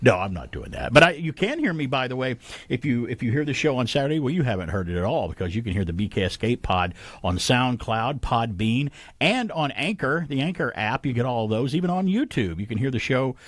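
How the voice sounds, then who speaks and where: A man's voice: medium pitch, sing-song, a little fast, no room sound. A middle-aged man hosting a radio show, bantering casually, joking and rambling as he goes. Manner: joking, rambling, laughs often. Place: radio studio.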